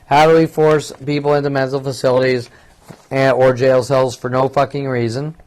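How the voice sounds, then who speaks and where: A man's voice: medium pitch, darkish tone, smooth. A man in his fifties delivering an agitated, profane, rambling monologue that keeps circling back on itself. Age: 50s. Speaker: vlogger.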